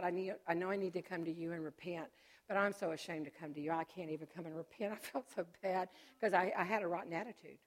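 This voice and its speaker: A middle-aged woman telling a personal faith testimony, animated and swinging from joyful shouts to hushed, low recollection. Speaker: church member giving testimony.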